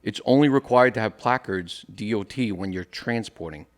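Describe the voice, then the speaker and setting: In a loose, meandering podcast chat, a firefighter co-host with a low voice spins stories, voicing the dialogue himself. Plenty of "you know" fillers keep his casual interview storytelling easygoing.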